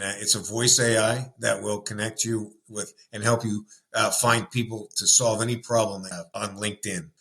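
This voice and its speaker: A man's voice: mid-range voice, sharp tone, poor audio. A man from the West Coast of the United States, a guest on a podcast, giving upbeat practical advice in a casual conversation. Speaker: podcast guest, marketing agency founder.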